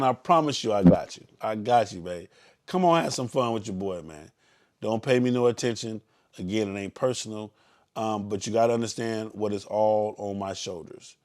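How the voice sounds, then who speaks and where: A man with a Southern US accent, leading a motorcycle club ride and briefing riders in a casual live stream. He talks bluntly and in a preachy way, and now and then bursts into loud yelling. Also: fairly low pitch, moderate pace.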